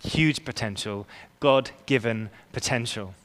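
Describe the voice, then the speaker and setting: A man preaching a sermon as pastor, earnest and emphatic, slowing down to stress key words. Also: mid-range voice, a bit bright. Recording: long reverb of a large hall.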